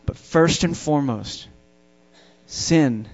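A man preaching a sermon to a congregation in a church, emphatic and slowing down to stress key words. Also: on the high side. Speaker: pastor. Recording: dull lo-fi sound.

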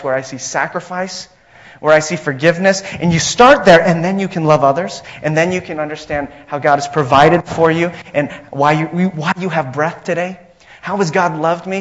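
Emphatic pastor preaching, lo-fi. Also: male voice, fairly high pitch, a bit bright. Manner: emphatic, repetitive, asks congregation questions. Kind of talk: sermon.

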